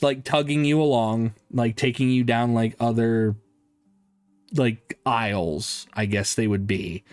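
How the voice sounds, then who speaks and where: Slow, rambling male game master. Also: medium pitch, darkish tone, no room sound. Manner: loose and rambling, many fillers. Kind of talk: narrating a tabletop game.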